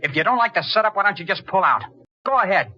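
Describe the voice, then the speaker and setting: A man's voice: high voice, sing-song, quick pace, bright, forceful tone, slight background noise, full character voice. An actor playing a desperate young male robber in a 1950s radio drama, hard and bullying. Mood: agitated. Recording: dull old radio broadcast.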